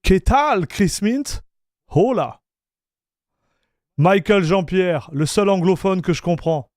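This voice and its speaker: A man's voice: high-pitched, lively intonation, slow pace, a little mellow, no echo, clean studio sound. A man with a French accent hosting a chatty livestream. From North America. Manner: chatty, greets viewers by name, mixes in French and Spanish phrases, laughs often. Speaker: streamer reviewing Linux gaming. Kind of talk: casual livestream chat.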